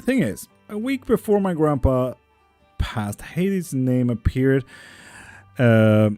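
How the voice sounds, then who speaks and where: A man's voice: mid-range voice, very animated, slow, mellow, no room sound, soft background music. A man hosting a live tarot stream, chatting casually with viewers and reading their comments. He talks in a joking, rambling way and swears freely.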